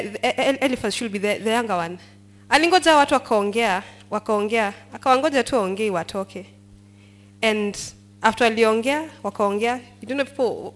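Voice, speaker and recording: A woman leading a Bible study, reading verses aloud and quizzing the group as she explains them. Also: a little high. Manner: mixes English and Swahili, asks the group questions and prompts them to finish lines.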